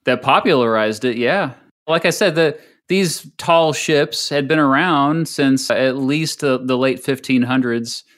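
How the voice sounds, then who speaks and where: A man's voice: medium pitch, measured pace, a bit bright. A man co-hosting a podcast, chatting casually, laughing easily and reading out history facts. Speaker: podcast co-host.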